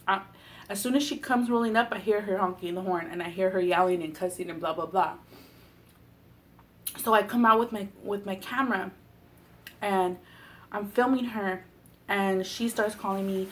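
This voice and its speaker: A woman's voice: mid-range voice, normal speed. Blunt, foul-mouthed young woman vlogger. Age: 20s. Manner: blunt, profane, heated storytelling. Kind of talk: casual storytelling while eating.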